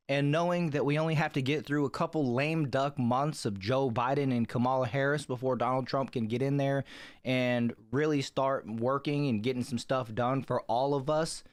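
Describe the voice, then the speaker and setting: A man's voice: medium pitch, smooth. A man hosting a channel, opening the video in an upbeat, gloating, casual way. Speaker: channel host.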